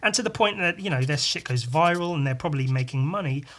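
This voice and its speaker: Bright-voiced man on a profane rant. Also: on the high side, lively intonation, quick pace, slight background noise. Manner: blunt, profane, sarcastic ranting. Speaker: podcast host. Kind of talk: casual solo rant while drawing.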